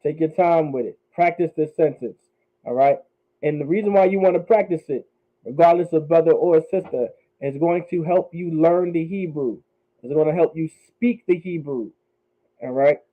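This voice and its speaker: A man teaching a language class, slowly repeating words and drilling pronunciation for his students. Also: on the high side. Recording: tinny phone-line sound.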